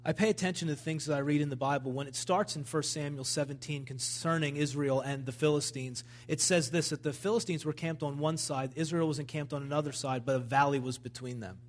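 Man, preacher, fervent sermon, emphatic delivery, slightly high voice. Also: steady tone, fairly quick, hardly any pauses. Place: church service.

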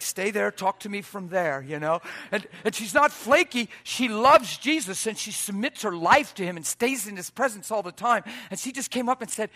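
Animated high-voiced male preacher. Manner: animated, acts out quotes, laughs often. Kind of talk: storytelling sermon.

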